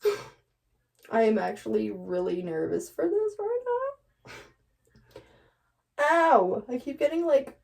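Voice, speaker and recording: Nervous, giggly woman talking slowly. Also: fairly high pitch, gravelly, a little mellow. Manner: nervous and giggly, laughs often. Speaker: beauty vlogger. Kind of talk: casual vlog chat. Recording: distant from the mic.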